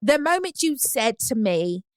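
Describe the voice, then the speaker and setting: A woman's voice: fairly high pitch, big pitch swings, measured pace, smooth, dry recording, studio quality. A woman voicing a posh woman giving love advice with a London accent, drawling and theatrical. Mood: prim, scolding. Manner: drawling, theatrical, says "darling". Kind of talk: mock advice-column reply.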